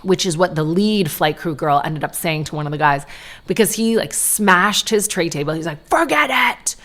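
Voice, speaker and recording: Podcast host, woman, low register, chatty animated storyteller. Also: normal speed. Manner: chatty and animated, acting out quoted people. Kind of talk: casual storytelling monologue.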